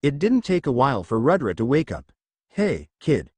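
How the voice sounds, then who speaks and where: A man reading a fanfiction story aloud in a steady, plain way. His pitch moves a lot while the rest of his delivery stays even. The recording is dry and close. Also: brisk, breathy edge, no room sound. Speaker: story narrator.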